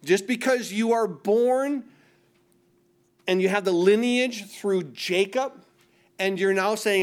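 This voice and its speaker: A man's voice: high voice, slow pace. A middle-aged man preaching a sermon, asking the congregation questions and answering them with emphasis. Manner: call-and-response questions, emphatic. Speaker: pastor.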